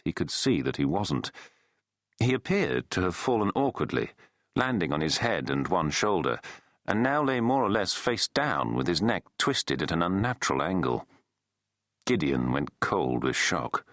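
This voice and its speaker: A man narrating a thriller audiobook in a measured storytelling way. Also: low-pitched, fairly bright tone, no echo, clean studio sound. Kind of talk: scripted narration.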